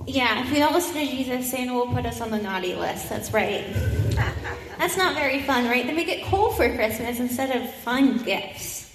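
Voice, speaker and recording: A woman's voice: high voice, lively intonation, a little fast, few pauses, music in the background. A woman giving a children's message in church, upbeat and coaxing as she talks to young kids on a handheld mic. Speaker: children's sermon leader. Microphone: handheld microphone. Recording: echoey hall, faint room ambience.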